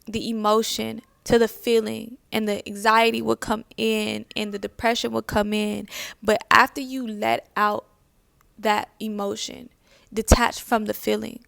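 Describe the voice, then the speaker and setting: A woman's voice: a little high, creaky, a bit bright, no room sound, clean studio sound. A young woman talking casually to camera about self-care, asking many questions and repeating phrases. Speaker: spiritual vlogger. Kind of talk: casual reflective talk to camera.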